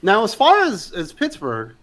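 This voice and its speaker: Lively high-voiced host reading comments. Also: male voice, a little slow. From Pennsylvania. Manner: reads out comments, curious, joking. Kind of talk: casual live-stream chat.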